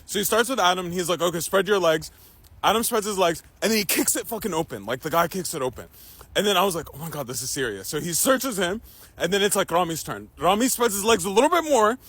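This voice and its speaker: High-voiced young man telling a wild story. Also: fast talker, slightly rough, no echo. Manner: animated, swears freely, laughs through the telling. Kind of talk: casual storytime.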